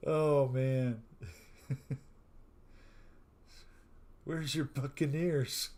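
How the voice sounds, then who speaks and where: A man hosting a casual live stream, reading out viewers' jokes, laughing often and signing off to his chat. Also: mid-range voice. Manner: slow, warm sign-off talk with frequent laughing at chat jokes. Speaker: livestream host.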